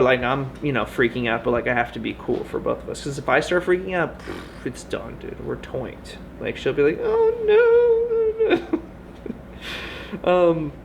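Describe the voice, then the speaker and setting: A young man chatting casually in a Q&A vlog, goofy and animated, now and then breaking into loud high-pitched yelps. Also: fairly quick, gravelly, few pauses, slight background noise. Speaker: vlogger.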